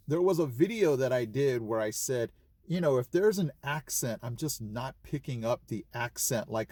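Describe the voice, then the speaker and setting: A man's voice: mid-range voice, a little mellow, no echo. A man who teaches school and talks earnestly and gratefully to his channel, casual and chatty with fillers. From California. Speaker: vlogger and schoolteacher. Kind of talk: casual vlog talk to camera.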